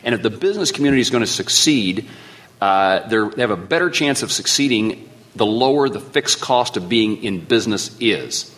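A middle-aged man, a senator, answering interview questions haltingly, with many fillers and restarts. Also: fairly low pitch, lively intonation, a bit bright.

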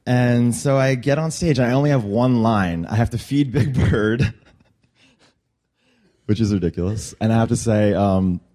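A young man telling a personal story to a room, lively, with high squeaky voices for quotes. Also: a little slow. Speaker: storyteller at a workshop.

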